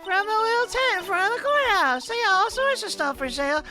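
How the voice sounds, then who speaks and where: Man as perky teen girl sidekick, high, bouncy and bright. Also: lively intonation, a little fast, soft background music, heavily acted. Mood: chatty. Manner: chatty, playful.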